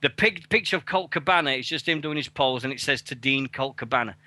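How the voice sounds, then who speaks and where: A man co-hosting an internet wrestling radio show, talking excitably and swearing freely. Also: mid-range voice, fairly quick, no room sound. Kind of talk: casual internet radio chat.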